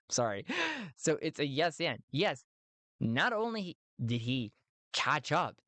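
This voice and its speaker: A man's voice: fairly high pitch, big pitch swings, slow pace, sharp tone, no echo. A man narrating a solo tabletop game in a playful, rambling way, with many fillers.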